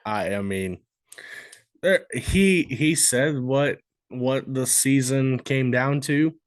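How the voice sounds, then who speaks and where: A man co-hosting a casual motorsport podcast. He speaks in a halting, measured way with many pauses and blunt opinions. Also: medium pitch, clear, resonant tone, no echo, studio quality. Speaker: podcast co-host. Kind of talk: casual sports podcast chat.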